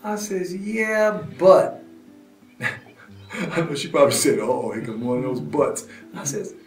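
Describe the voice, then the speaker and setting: Animated man in a roomy echo. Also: a little high, slow pace. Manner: acts out scenes and voices, drops to hushed tones. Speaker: prisoner telling his story. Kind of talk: animated storytelling. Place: prison visitation room, indoors. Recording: roomy echo, faint guitar music.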